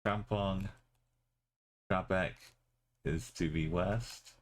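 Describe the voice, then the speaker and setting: Deep-voiced man thinking aloud. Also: fairly even intonation, very slow. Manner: thinking aloud, musing and chatting with viewers. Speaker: streamer. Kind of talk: casual live-stream commentary while playing.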